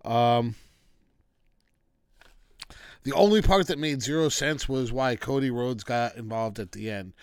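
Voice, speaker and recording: A man's voice: medium pitch, smooth, no room sound, studio quality. A man hosting a casual wrestling recap, ranting with exasperated, dismissive asides.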